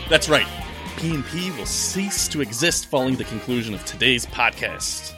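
A man's voice: medium pitch, lively intonation, normal speed, over music. A man hosting a casual comedy podcast, with dry, mock-grand introductions and jokey banter. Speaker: podcast host.

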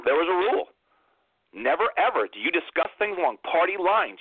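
A man's voice: fairly high pitch, breathy edge, no room sound. A man hosting a political talk radio show, lecturing emphatically and repeating phrases for impact. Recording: narrow phone-like dry sound.

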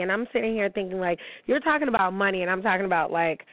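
A woman's voice: mid-range voice, fast, hardly any pauses, dry recording. A woman talks straight through her story with lots of fillers and plenty of cursing. Her voice sits in a middle range. It comes over a thin, phone-like line with no room sound at all. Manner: frank and profane, many fillers. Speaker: host of a personal talk show. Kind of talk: candid storytelling monologue. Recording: tinny phone-like sound, dry.

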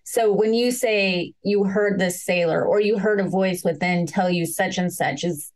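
A woman hosts an interview show and asks her guest curious follow-up questions. Her voice sits in a middle pitch for a woman. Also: unhurried, darkish tone. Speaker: podcast host.

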